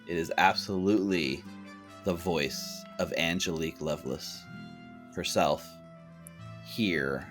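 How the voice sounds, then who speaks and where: A man's voice: low voice, slow, long pauses, over music. A man running a tabletop role-playing game, narrating the scene with frequent fillers and restarts. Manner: relaxed, hesitant narration with fillers. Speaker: game master.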